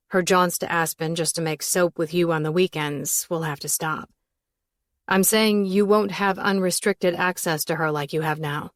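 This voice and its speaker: A smug, ambitious young man, blunt and flat in his delivery, as a woman reading an audiobook voices him. He speaks low and matter-of-fact, and the recording is dry and close. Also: no echo, natural voice.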